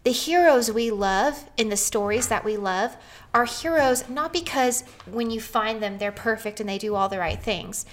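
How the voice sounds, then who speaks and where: A woman in her thirties telling a personal story on a podcast, earnest and animated, often laughing as she talks. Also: fairly high pitch, normal speed.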